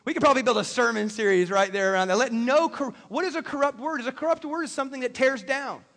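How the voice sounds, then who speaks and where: A pastor with an extremely high, slightly bright voice preaches fast on a church stage in a large hall, chatting conversationally and tossing joking asides to the congregation. The recording has a long hall reverb.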